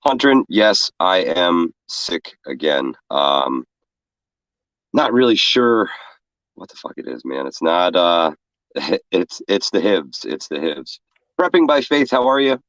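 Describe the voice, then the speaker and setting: A man's voice: sits low, very animated, takes it slowly, a bit bright, no room sound, highs cut off. A man from New York with a stuffy cold, casually hosting a livestream and greeting the chat with loose profanity. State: congested with a cold. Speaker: livestream co-host. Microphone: separate room, remote feed.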